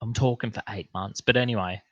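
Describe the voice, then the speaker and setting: A man's voice: on the low side, fairly even intonation, brisk, bright, forceful tone, dry recording, highs cut off. A young Australian man hosting a casual livestream, telling rambling, sweary anecdotes in broad slang and reading out chat comments.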